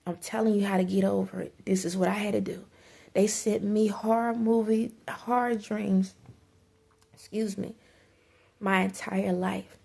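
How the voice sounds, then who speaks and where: Woman vlogger, flat delivery, gravelly texture, urgent and repetitive spiritual pep talk. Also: medium pitch, measured pace. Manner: emphatic, repetitive urging, stumbles and restarts. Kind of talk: preachy spiritual advice monologue.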